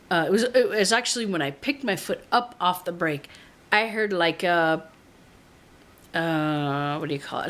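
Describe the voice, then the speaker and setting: A young woman vlogging, retelling a story in a rambling, excitable way with frequent restarts. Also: medium pitch. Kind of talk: casual storytelling to camera. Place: in a car.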